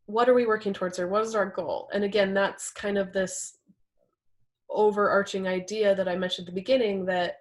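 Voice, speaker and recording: A woman presenting a live workshop, talking it through in a conversational way and acting out example quotes. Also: mid-range voice.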